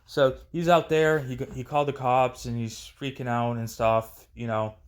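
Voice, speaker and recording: A man's voice: mid-range voice, flat delivery, normal speed, clear, resonant tone. A man telling a personal story casually on a vlog, rambling with many restarts and fillers. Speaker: storyteller vlogger.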